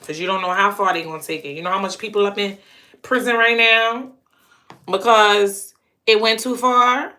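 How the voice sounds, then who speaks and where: Emphatic woman with a bright, forceful voice. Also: mid-range voice, steady tone, normal speed. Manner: emphatic, repeats phrases for punch. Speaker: channel host. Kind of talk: casual storytelling monologue.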